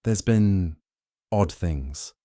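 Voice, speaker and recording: A man's voice: sits low, extremely slow, warm tone, no echo, studio quality. A man voicing a wiry, weathered Yorkshire groundskeeper with a thick Yorkshire accent, terse and guarded. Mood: wary.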